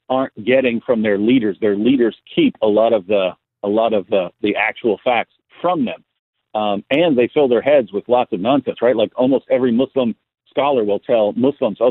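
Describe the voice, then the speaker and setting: Blunt guy on a phone call, husky, kinda tinny and dry. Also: medium pitch, no room sound. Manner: blunt, storytelling with frequent restarts. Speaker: guest apologist. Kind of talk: conversational interview answers.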